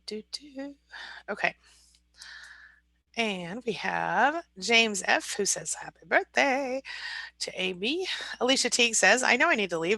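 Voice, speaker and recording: A woman coaching viewers on a live stream, reading their comments aloud and chatting back in a warm, rambling way. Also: mid-range voice, creaky, no echo, poor audio.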